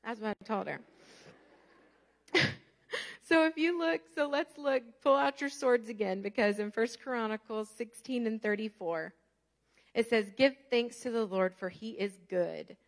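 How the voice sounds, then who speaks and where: A woman, delivering a sermon as a guest preacher. She tells her stories animatedly, keeps asking the congregation questions, and her speaking voice sits a little on the high side. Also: unhurried.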